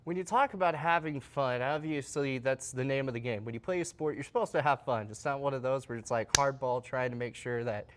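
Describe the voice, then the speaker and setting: A man's voice: medium pitch, a little fast, few pauses, background noise. A man hosting a casual sports interview, chatty and joking, with many fillers and restarts. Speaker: host.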